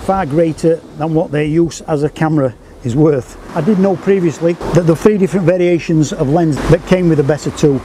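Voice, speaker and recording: A man's voice: a little high, fairly quick, few pauses, background noise. Chatty man by the sea. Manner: enthusiastic, chatty, reads notes verbatim. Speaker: photography YouTuber. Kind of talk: casual camera review vlog. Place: outdoors by the coast.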